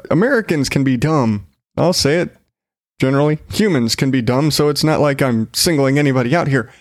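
A man's voice: on the high side, dry recording, clean studio sound. A man hosting his own show, giving casual, sarcastic commentary on odd news stories, swearing and laughing as he goes. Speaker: solo show host.

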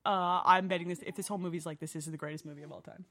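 A woman's voice: on the low side, steady tone, very fast, a bit bright. A woman riffing sarcastically on a movie in casual chat, swearing and laughing often. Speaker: movie commentator.

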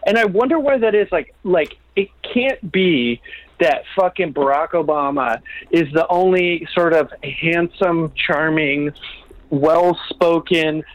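A man's voice: a little high, takes it slowly. A man telling rambling, profane stories over a phone call from a catering kitchen at work. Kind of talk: casual chat.

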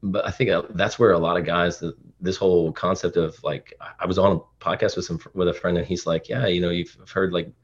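Deep husky-voiced man, earnest and emotional. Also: fairly even intonation, brisk, few pauses, dull audio. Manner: earnest, emotional, rambling with restarts. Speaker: podcast guest, dad influencer. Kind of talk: casual interview chat.

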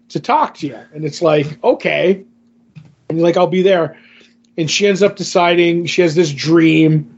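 Guy rambling thru a comic plot, lots of likes and ums, kinda high voice, muffled lo-fi audio. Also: a little mellow. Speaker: comic book discussion co-host. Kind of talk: casual chat. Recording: dull lo-fi sound.

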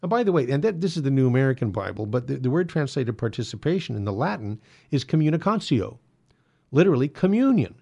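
A man's voice: mid-range voice, sing-song, quick pace, gravelly, darkish tone. A man hosting a Catholic apologetics talk, explaining doctrine in a conversational way with many fillers and restarts. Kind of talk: casual explanatory monologue.

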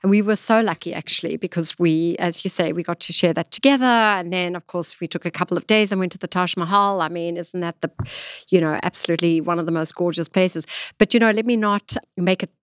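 A chatty South African woman speaks as a podcast guest, running on with warm enthusiasm and plenty of fillers. Her voice sits a little low. The studio sound is close and dry. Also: fairly quick, dry recording. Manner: chatty and effusive, with many fillers. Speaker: guest, gemstone executive. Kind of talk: conversational podcast interview.

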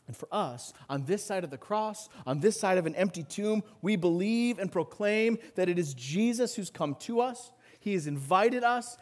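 Pastor, male, fairly high voice, earnest preaching that surges and softens. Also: lively intonation, moderate pace, hardly any pauses. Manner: earnest preaching, rising and falling in intensity. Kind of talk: sermon.

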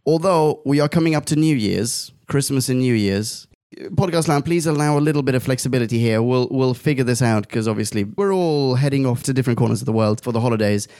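A man's voice: mid-range voice, fairly quick, darkish tone, no echo, studio quality. A man co-hosting a casual podcast, reading out listener reviews in a playful, chatty way. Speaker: podcast co-host.

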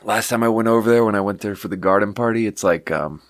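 This podcast host has a lowish voice and a quick pace, captured cleanly in the studio without echo. He rambles in easygoing conversation, laughing a lot and swearing casually.

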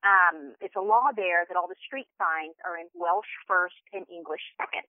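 A woman on a travel show, telling stories in an enthusiastic, chatty way with lots of quick restarts. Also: on the low side, dry recording. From United States. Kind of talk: casual phone interview. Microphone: telephone. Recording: tinny phone line.

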